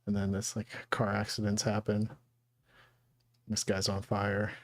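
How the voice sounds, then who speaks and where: A man hosting a live drawing show, narrating an improvised story in an offhand, low-key way with crude jokes. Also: monotone, measured pace.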